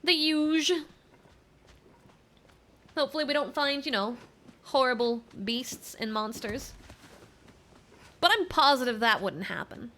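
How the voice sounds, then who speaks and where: A high, bright young woman streams a video game with casual running commentary. She is playful and teasing, talking to her chat and her companion, close on a desk microphone. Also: measured pace, pauses often. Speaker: livestreamer.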